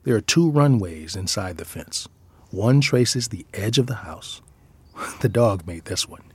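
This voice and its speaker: A man's voice: on the low side, expressive, measured pace, slightly rough, no room sound. A father reading his own personal essay aloud in a reflective way, often dropping into a near whisper.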